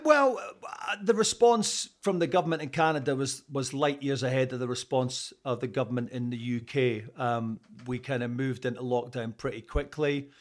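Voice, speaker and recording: A Scottish man talking in a relaxed interview. He rambles through his stories with plenty of fillers and restarts, and he laughs easily. His pitch sits in the middle range for a man. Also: normal speed, few pauses. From Scotland. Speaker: interview guest, radio presenter. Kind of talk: casual interview chat.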